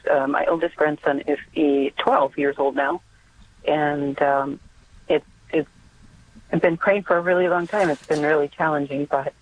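A woman's voice: low-pitched, steady tone, measured pace. An older grandmother calling in to a radio show, hesitant, with many ums and restarts as she asks for prayers. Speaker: caller. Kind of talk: phone-in prayer request. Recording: tinny phone line.

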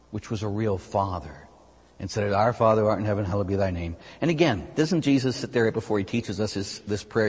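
A man with an American accent, a priest preaching a sermon, his voice swinging from high emphatic peaks to low, quiet asides. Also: slightly rough. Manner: animated, rises high on emphatic phrases then drops low and quiet. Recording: long hall reverb.

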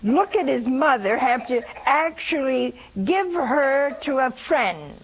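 A woman's voice: high-pitched, lively intonation, takes it slowly, slight background noise, low-quality recording. A woman in her seventies giving a reflective sermon, dropping to a whisper at times. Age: 70s. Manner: reflective, drops to a whisper for quoted words. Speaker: preacher.

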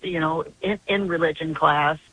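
A woman's voice: deep voice, steady tone, moderate pace, fairly bright tone, a little hiss or hum, low-quality recording. An older woman calling in to a talk show, telling a long story earnestly and in a rambling way. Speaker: caller. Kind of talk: phone-in call.

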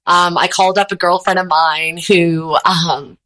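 A woman in her thirties with a bright, forward voice talks freely as an interview guest. She is chatty and unfiltered and works her thoughts out aloud as she speaks. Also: lowish voice, steady tone, unhurried, low-quality recording. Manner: talkative, unfiltered, thinks out loud. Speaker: podcast host and ministry founder, guest. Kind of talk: casual interview chat.

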